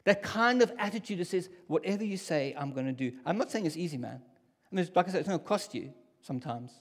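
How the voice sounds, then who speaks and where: A man preaching a sermon in a church hall, talking in a casual, conversational way that drops to near whispers and rises to loud bursts. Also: on the high side, lively intonation, fast talker. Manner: conversational, swings from hushed to loud. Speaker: pastor. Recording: long hall reverb.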